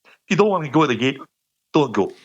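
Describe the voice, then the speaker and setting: A man's voice: medium pitch, big pitch swings, quick pace. Opinionated man on dull audio. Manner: opinionated, restarts sentences, uses "you know" and "mate". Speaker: guest pundit. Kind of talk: casual sports radio chat. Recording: dull lo-fi sound.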